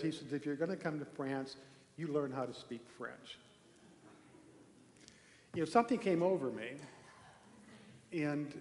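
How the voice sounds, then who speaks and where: A man giving a relaxed, conversational sermon from a temple hall, telling a story with pauses and restarts. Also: medium pitch, gravelly, a little hiss or hum. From Norway. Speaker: minister giving a talk. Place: large echoey temple hall. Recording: echoey hall with long reverb.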